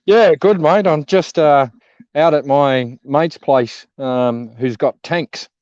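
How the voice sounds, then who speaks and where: A man's voice: on the high side, takes it slowly, a little mellow, no room sound, highs cut off. A man with an Australian accent chatting casually as a guest on a live stream, laid-back and laughing often. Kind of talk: casual chat.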